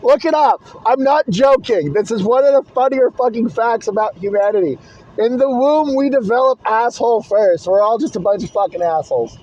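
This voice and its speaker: A man's voice: very high-pitched, moderate pace, a little mellow. A man rambling in a casual vlog from inside his car, blunt and swearing constantly, recorded on a phone camera in a car holder. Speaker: vlogger. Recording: dull lo-fi phone audio in car.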